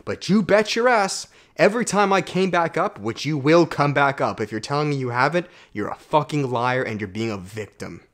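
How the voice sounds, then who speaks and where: A man delivers a self-help monologue straight to camera, blunt and full of swearing. He keeps calling his viewers guys, drops into low asides, then bursts out loud to hammer a point home. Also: animated, moderate pace, few pauses. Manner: blunt, profane and emphatic, addresses viewers as guys; swings between low asides and loud outbursts. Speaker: self-development YouTuber.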